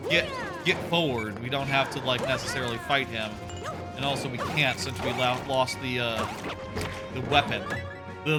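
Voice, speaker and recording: A man streaming a platform game, chatting casually and candidly, swearing often and thinking aloud as he plays. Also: medium pitch. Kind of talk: casual live-stream commentary while playing. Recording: music playing behind.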